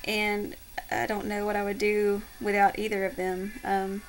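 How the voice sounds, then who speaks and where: A woman vlogger talking to the camera in a halting, heartfelt way, with many fillers and pauses. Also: medium pitch, flat delivery, a little hiss or hum, low-quality recording. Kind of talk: casual heartfelt talk to camera.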